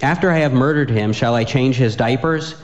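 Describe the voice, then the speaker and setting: A man's voice: mid-range voice, fairly quick, muffled recording, voice pushed up, natural voice. A man voicing a boastful giant warrior who mocks his small opponent, in a comic story reading. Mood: taunting. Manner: taunting, bragging.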